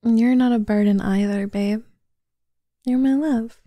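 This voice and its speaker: A young woman voicing a sweet, shy, affectionate girlfriend in whispered role-play, speaking softly and tenderly into a close mic. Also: a little high, fairly even intonation, measured pace, no echo, natural voice. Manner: soft, intimate and tender. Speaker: voice actor.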